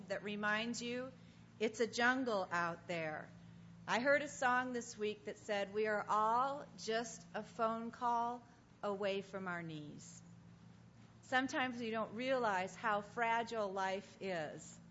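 A woman speaking at a women's gathering, opening in prayer and telling stories in an earnest, animated way. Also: a little high. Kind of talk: devotional talk with prayer. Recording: dull lo-fi sound, faint noise.

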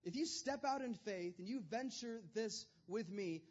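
A man voicing God, speaking loudly and emphatically as he gives a call and a promise. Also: high voice, expressive, a little slow, lo-fi sound, pitched above the performer's own voice. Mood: commanding. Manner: emphatic, raised and insistent. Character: God as a commanding male voice making promises.

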